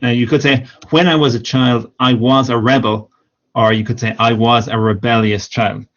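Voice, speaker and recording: A man teaching English online, giving patient, encouraging feedback to students and repeating corrections slowly. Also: medium pitch, steady tone, a bit bright. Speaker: English speaking teacher, former exam examiner. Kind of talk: live-streamed speaking feedback. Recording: dull lo-fi stream audio.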